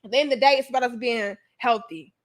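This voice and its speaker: High voiced lady hosting a live chat, emphatic, slangy, swears a lot. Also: quick pace. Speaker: livestream host. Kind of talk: casual livestream chat.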